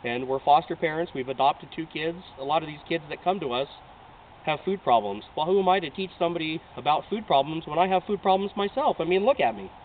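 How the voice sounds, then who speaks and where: Recorded off-mic with tinny lo-fi sound and faint hiss, this reality show applicant speaks briskly in a voice on the high side with lively intonation. He's a man in his late thirties from Oregon, United States, pleading earnestly and emotionally in a heartfelt audition video.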